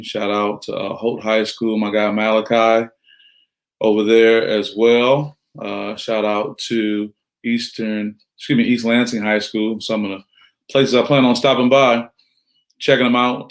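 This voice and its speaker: A man's voice: on the low side, little pitch movement, unhurried. Middle-aged male motivational speaker, preachy, fond of rhetorical questions. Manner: preachy, rhetorical questions, greets listeners by name. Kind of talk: motivational talk.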